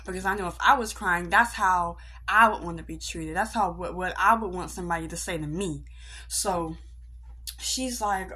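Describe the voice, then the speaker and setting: Young woman, husky voice, indignant slangy rant, casual storytime vlog. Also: on the low side, normal speed, sharp tone. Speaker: vlogger.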